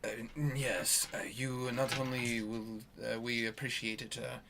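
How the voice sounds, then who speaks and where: A man voicing a grateful male king who speaks formally and haltingly, with fillers. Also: medium pitch, steady tone, gravelly, heavy background noise.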